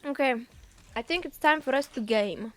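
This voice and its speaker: Young Bulgarian-accented woman, high voice, chatty gaming streamer. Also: normal speed. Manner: chatty, teasing, reads chat aloud. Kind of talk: casual gaming livestream chat.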